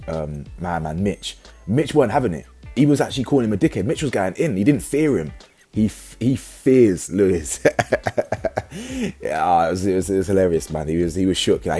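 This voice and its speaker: A man giving a casual, slangy reality show review, animated and full of restarts. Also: deep voice, slightly rough. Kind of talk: casual commentary.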